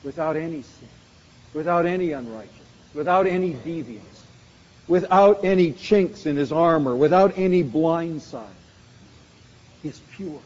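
A man with a fairly high voice preaches a sermon, building emphasis through repeated phrases. The sound is dull and muffled. A long reverb from a large hall hangs behind his words. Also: moderate pace, a little mellow. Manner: emphatic, repetitive preaching cadence.

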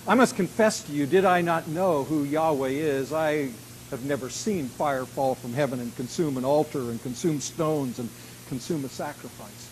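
A man preaching a sermon, reading scripture dramatically, slowing down and rising in volume on key lines, then dropping to a quiet, intimate tone. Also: a little high, a little hiss or hum, poor audio. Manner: dramatic, slows and rises to a shout on key lines. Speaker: pastor.

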